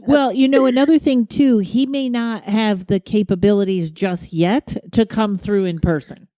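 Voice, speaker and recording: A woman's voice: mid-range voice, fairly even intonation, normal speed, mellow, no echo, clean studio sound. A woman hosting a podcast, chatting casually and prompting her guest with brief, friendly interjections. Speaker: podcast host.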